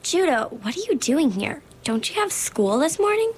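A woman's voice: sits high, big pitch swings, normal speed. A woman playing an earnest, polite young woman who runs interviews in an audio drama. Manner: polite and earnest, giggly when nervous.

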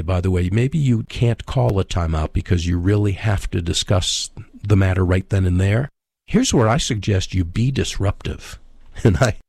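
A man's voice: low voice, gravelly, darkish tone, no room sound, studio quality. A man teaching on a radio program, speaking in an emphatic, conversational way and repeating his key points. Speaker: radio Bible teacher on relationships.

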